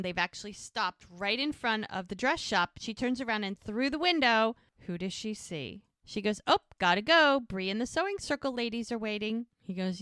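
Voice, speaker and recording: A woman co-hosting a podcast, retelling a TV episode in an animated, chatty way and quoting the characters. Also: medium pitch, no echo, studio quality. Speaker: podcast co-host. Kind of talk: casual recap of a TV episode.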